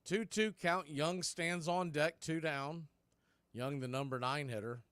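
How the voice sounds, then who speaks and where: A man doing radio play-by-play of a baseball game from a studio, calling pitches in a steady, conversational way with background asides. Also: unhurried, clean tone, dry recording. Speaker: play-by-play announcer.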